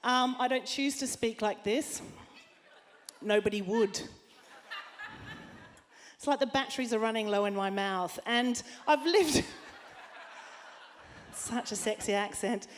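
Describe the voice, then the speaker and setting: A brash Australian woman in her forties doing stand-up on a theatre stage. Her voice sits high for a woman, and her crude, self-mocking delivery rises into shouted punchlines. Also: slow pace, long pauses, slight background noise. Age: 40s. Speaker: stand-up comedian. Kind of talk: stand-up comedy set.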